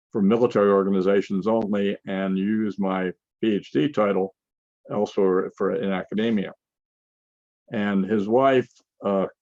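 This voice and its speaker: Older man lecturing, gravelly and halting. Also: lowish voice, darkish tone, no room sound, dull audio. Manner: halting, with frequent restarts and fillers. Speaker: conference speaker. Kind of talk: lecture with slides.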